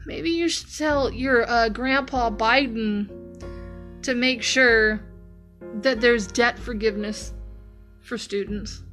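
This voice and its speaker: A podcast host with a fairly high, bright, sharp voice reads news stories aloud at a slow pace for her commentary show. She then breaks into heated, profane rants full of swearing, with faint music playing low beneath her.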